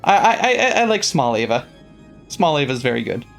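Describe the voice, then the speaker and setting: A let's play co-host reading a visual novel aloud and breaking in with joking, animated commentary. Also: mid-range voice, normal speed, gravelly, soft background music. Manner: animated, joking, laughs and swears.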